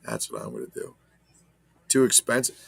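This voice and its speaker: A man's voice: a bass voice, huge pitch swings, moderate pace, vocal fry, breathy edge, no echo. A man casually chatting about his toy collection, rambling and swearing as he talks to viewers. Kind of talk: casual unboxing chat.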